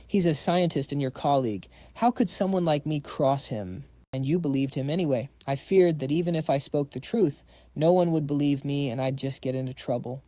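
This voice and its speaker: A man's voice: a little high, moderate pace, warm tone, no room sound, studio quality, lightly acted. A man voicing a timid poor young witness who confesses hesitantly. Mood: fearful.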